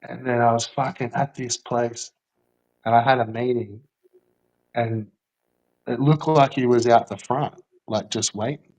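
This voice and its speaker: A man's voice: medium pitch, fairly even intonation, a little slow, pauses often, darkish tone, rough recording. A man telling a rambling, swear-filled story in casual chat, with lots of fillers.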